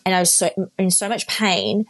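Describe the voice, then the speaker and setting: A woman's voice: fairly low pitch, very animated, normal speed. A young Australian woman telling her story casually on a podcast, with lots of "like" fillers, acting out what others said. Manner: chatty, full of "like" fillers, quotes others in dialogue. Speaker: podcast guest.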